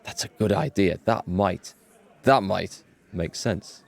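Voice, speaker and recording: A man's voice: low-pitched, takes it slowly, gravelly. A man hosting a let's play, musing aloud with wry asides. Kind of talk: casual gaming commentary.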